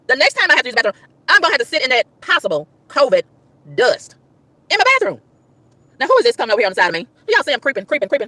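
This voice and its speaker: A high, sharp-toned woman's voice, free of echo, recounts an exasperated story from inside a car. The vlogger exclaims and says lines again to drive her point home.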